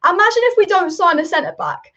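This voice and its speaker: A woman's voice: extremely high pitch, expressive, fast talker, pushed and bright. A woman hosting a football live stream, reading viewer comments and giving passionate, rambling opinions. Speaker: football channel host. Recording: dull lo-fi stream audio.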